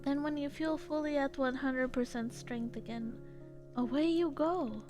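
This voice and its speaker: Woman voicing a gentle, patient tea-shop man, soft and unhurried, pitched high. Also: steady tone, over music. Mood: calm. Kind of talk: reading game dialogue aloud.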